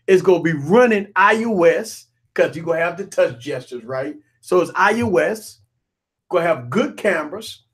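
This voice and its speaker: A high-pitched, slightly husky man hosts a live tech stream. He rants and jokes, swinging his pitch up and down as he circles back to the same points again and again. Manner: animated, repetitive, joking rants. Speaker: tech show host.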